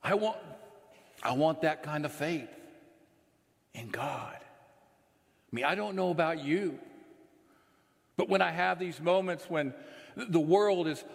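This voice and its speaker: A man preaching a sermon, slow and earnest, letting his voice sink low and soft at the ends of phrases. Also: gravelly. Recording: long reverb of a large hall.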